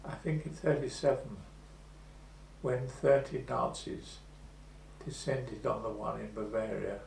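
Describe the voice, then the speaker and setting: A man in his eighties recalling the past in an oral history interview, telling his story slowly and with pauses. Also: mid-range voice, gravelly, darkish tone. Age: 80s. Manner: slow, measured storytelling with pauses. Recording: echoey room with faint hum.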